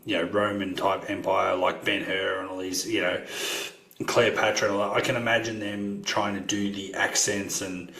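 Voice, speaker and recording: Rambling podcast co-host in a roomy echo. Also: male voice, fairly low pitch, fairly bright tone. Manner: rambling, many fillers and restarts. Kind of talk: casual film chat.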